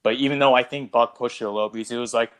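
Man, podcast co-host, casual film chat, mid pitch, acts out quotes. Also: fairly even intonation, rapid-fire, fairly bright tone. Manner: acts out character lines in raised voices. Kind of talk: casual movie discussion.

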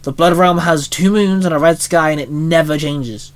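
Guy reading a blunt princess girl, calm and curt, matter of fact. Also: a little high, normal speed, natural voice. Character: blunt young princess from another realm. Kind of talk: reading a fan story aloud.

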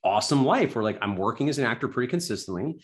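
A man telling his story as a podcast guest, animated and enthusiastic, self-deprecating, full of "like" and "right?". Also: mid-range voice, rapid-fire. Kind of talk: casual storytelling interview.

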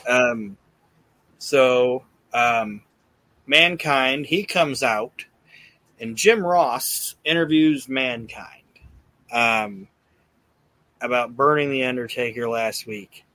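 A man hosting a podcast, retelling events in an animated, casual way and acting out quotes, swearing freely. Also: mid-range voice, takes it slowly, pauses often, no echo. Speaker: podcast host recapping wrestling. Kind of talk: casual chat.

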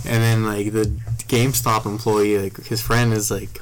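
Low voiced dude telling dumb stories, lots of um and like, hissy noisy recording. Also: male voice, little pitch movement, unhurried. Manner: rambling, crude storytelling with lots of fillers. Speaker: podcast co-host. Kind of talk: casual chat.

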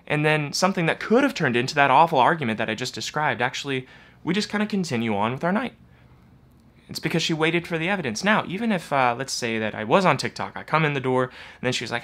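Gravelly-voiced man giving relationship advice. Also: fairly high pitch, expressive, a little fast, a bit bright. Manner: acts out both sides of imagined arguments. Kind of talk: casual advice monologue with acted examples.

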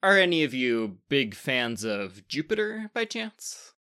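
A man's voice: very animated, unhurried, bright, forceful tone, clean tone. A man doing weary bully giant planet Bacchus. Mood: scheming. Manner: booming, then tired.

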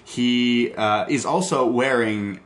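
A man hosting a podcast, excitedly recapping a wrestling show in casual chat, swearing and laughing. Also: mid-range voice, takes it slowly. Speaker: podcast host.

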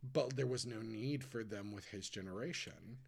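A man co-hosting a podcast, chatting casually with lots of fillers and quick asides. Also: on the low side, creaky, a crowd in the background. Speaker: podcast co-host. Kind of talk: casual chat.

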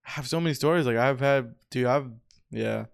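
A man's voice: medium pitch, fairly quick, gravelly, background noise. A young man hosting a podcast, telling stories in a laid-back, profane way and calling people bro. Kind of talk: casual storytelling chat.

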